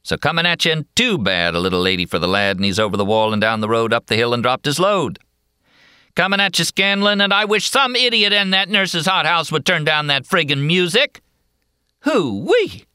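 A man voicing a brash, cocky male card dealer who rattles off high, fast auctioneer patter in an audiobook. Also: big pitch swings, pushed and bright, clean tone, no room sound, clean studio sound. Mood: rowdy patter. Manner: rowdy, cocky, swaggering. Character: brash loud male card-dealing patient, hustler.

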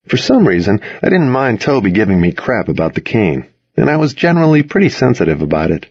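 A man with a low, husky voice reads a first-person story aloud in a wry, measured way, his pitch moving a lot through each sentence. The recording is very dry, with a slightly muffled sound. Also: big pitch swings, a little mellow, dry recording. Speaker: audiobook narrator. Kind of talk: first-person audiobook narration.

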